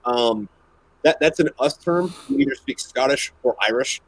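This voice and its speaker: A man co-hosting a podcast, cutting in with quick, blunt remarks. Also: medium pitch, a loud crowd, poor audio. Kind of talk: casual chat.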